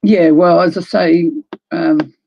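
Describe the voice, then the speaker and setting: Chatty older New Zealand woman, mellow voice. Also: fairly low pitch, steady tone, takes it slowly, vocal fry, muffled recording, slight background noise. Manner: chatty, greets viewers by name, laughs often. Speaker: craft livestream host. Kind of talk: casual livestream chat.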